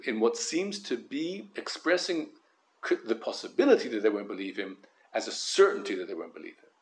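A man giving a Torah lesson, careful and measured, stressing key words and often repeating himself as he weighs a point. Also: on the low side. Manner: careful, measured, with frequent word repetitions. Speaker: Torah teacher. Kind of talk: Torah lesson on the weekly portion.

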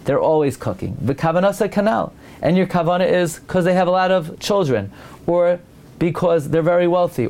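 A man giving a Torah class, reading Hebrew lines and explaining them in English, sometimes acting out a sneering tone for an example. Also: fairly high pitch. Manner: animated, mimics a sneering tone for examples. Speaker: Torah teacher. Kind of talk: lecture reading a Hebrew text and translating.

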